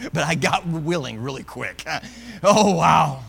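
Male preacher, sermon storyteller, high and expressive, swinging between loud and hushed. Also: slow, gravelly, breathy edge, in a large hall.

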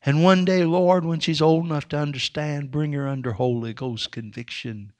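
A preacher doing a gentle stooped old preacher, soft and slow. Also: male voice, on the high side, fairly even intonation, dry recording, lightly acted. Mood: prayerful. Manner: slow, quiet, prayerful. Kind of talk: sermon.

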